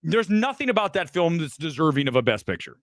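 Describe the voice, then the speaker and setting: Blunt, animated man ranting about films. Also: a little high, quick pace, no room sound, clean studio sound. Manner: blunt, profane and boastful ranting; challenges viewers directly. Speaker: film critic host. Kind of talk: live postgame reaction stream.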